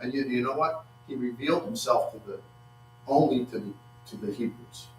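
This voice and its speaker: A man preaching a sermon, halting and repeating words, acting out quotes with rising excitement. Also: mid-range voice. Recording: echoey room from far off with faint hum.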